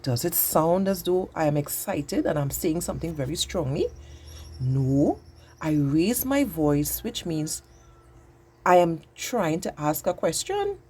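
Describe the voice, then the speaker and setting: A woman teaching a patient, exaggerated grammar lesson to young children, speaking slowly and clearly. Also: low-pitched, very animated, warm tone.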